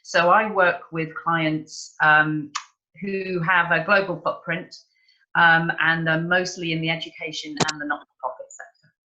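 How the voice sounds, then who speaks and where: Bright-voiced woman consultant on a call. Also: low voice, fairly even intonation, a little slow. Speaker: communications consultant, panelist. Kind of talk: webinar panel talk. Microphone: video call. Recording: dull lo-fi call audio.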